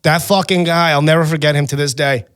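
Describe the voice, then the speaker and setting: A man hosting a podcast, telling a story in a casual, animated, swearing and self-mocking way. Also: on the high side, quick pace, smooth. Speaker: podcast host.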